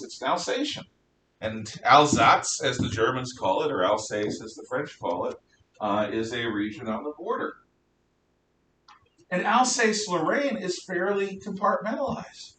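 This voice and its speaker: A man giving a history lecture to a class, emphatic and animated, firing off rhetorical questions. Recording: roomy, distant mic with faint rumble.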